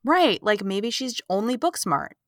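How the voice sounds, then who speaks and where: A woman co-hosting a casual movie podcast, recapping the plot in an animated, sarcastic way and acting out the characters' lines. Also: fairly high pitch, unhurried, no room sound, clean studio sound. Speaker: podcast co-host.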